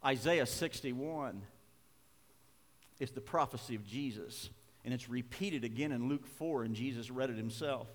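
An older male pastor preaching a sermon, telling a personal story with emotion and soft laughs. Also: mid-range voice, unhurried. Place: church sanctuary. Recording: reverberant church hall.

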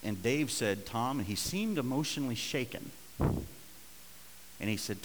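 A middle-aged man preaching a sermon, telling a story and swinging between hushed and loud, urgent passages. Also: medium pitch, lively intonation, measured pace, in a large hall, a little hiss or hum, low-quality recording. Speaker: pastor.

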